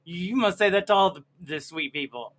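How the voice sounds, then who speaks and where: A man's voice: sits high, animated, moderate pace, a bit bright, slight background noise. A man hosting a livestream, joking playfully and laughing often over a video call. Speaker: host. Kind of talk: casual banter on a livestream.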